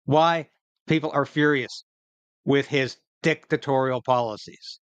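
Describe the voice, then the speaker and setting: A man's voice: mid-range voice, fairly even intonation, a little slow, clear, resonant tone, no echo, dull audio. A man hosting political commentary, reacting to interview clips in an indignant, sarcastic way with a Canadian accent.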